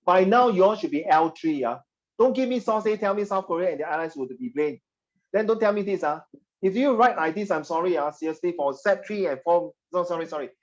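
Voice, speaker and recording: A man teaching a history class, animated and teasing, slipping Mandarin phrases into his English. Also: high voice, brisk, dull audio. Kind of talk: classroom lecture.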